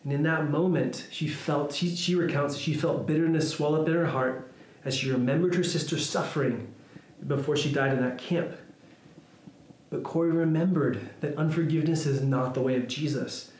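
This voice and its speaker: A man preaching a sermon, retelling a story in an earnest, halting way with many restarts. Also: on the high side, fairly even intonation, darkish tone. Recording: echoey room with faint ambient noise.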